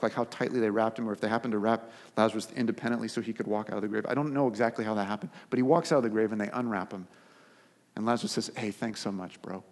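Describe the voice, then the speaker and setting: A man preaching a sermon as pastor, earnest, stacking repeated phrases for emphasis and dropping soft for quoted words. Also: on the low side. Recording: long reverb of a hall.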